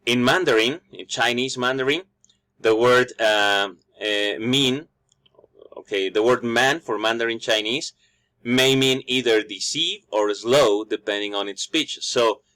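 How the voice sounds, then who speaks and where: A man with a Mexican Spanish accent and a bright, forward voice explains phonetics in an online lesson over slides. His pitch sits mid-range for a man, and he repeats and restarts words as he goes, checking in with "right?" and "okay?". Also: measured pace. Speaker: English teacher.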